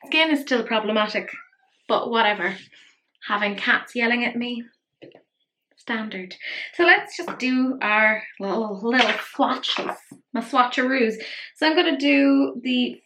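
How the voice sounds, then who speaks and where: A woman in her 30s, a makeup vlogger, chats playfully through a casual tutorial and pokes fun at herself. Her voice is a little high, pushed and bright, at a measured pace, with a little hiss or hum in the recording.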